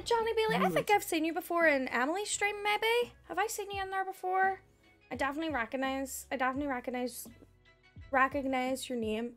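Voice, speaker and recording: Young Northern Irish woman, high voice, friendly live-stream chatter; faint music under her. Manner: chatty, thanks viewers by name, says "heck". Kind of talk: casual live-stream chat.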